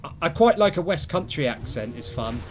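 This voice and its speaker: A man's voice: on the high side, sing-song, a little fast, music in the background. A young man chatting casually and rambling as he streams a video game, poking fun at himself. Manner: chatty, rambling, self-deprecating. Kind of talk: casual gameplay commentary.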